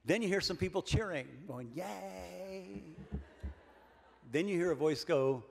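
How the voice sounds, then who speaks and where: An older man giving a comic keynote speech at a dinner, deadpan and wry, building his jokes with pauses. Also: on the high side, slightly rough. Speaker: keynote speaker. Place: large banquet hall with a dinner audience. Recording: reverberant banquet hall, faint room noise.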